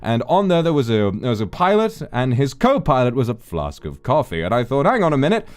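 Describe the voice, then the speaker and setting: A man's voice: mid-range voice, fairly quick, pitched above the performer's own voice, lightly acted. A man doing a posh comedian's plummy voice. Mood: gleeful storytelling. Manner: plummy, animated storytelling. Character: posh-voiced male stand-up comedian telling an absurd bit.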